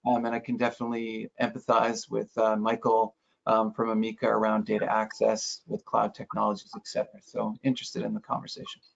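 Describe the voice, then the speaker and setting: A man's voice: fairly low pitch, completely flat delivery, fairly quick, gravelly, highs cut off. A man introducing himself on an online panel, explaining steadily with some fillers.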